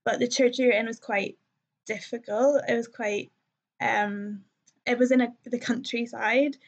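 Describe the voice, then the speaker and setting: Young woman, podcast guest, chatty with lots of ums, fairly high voice, muffled lo-fi sound. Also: steady tone, measured pace. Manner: chatty, many ums and likes, laughs often. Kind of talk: casual conversational storytelling.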